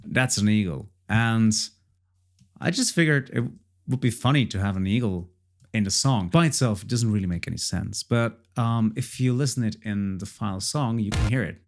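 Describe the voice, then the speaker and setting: Over a noisy background, a man with a fairly low voice talks at a normal pace. He's a producer casually walking through his own song project in a chatty tutorial style, repeating himself and leaning on lots of fillers.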